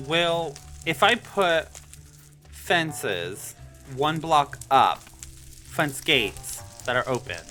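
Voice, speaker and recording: A game creator narrating their own play in an unhurried, drawn-out way, with a voice that leaps up and drops down. They grumble, scold the mobs on screen and let out mild curses. Music plays clearly underneath. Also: mid-range voice, big pitch swings, bright, forceful tone. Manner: exasperated, talks to the game mobs, swears mildly. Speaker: Minecraft let's-play creator. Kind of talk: live gameplay commentary.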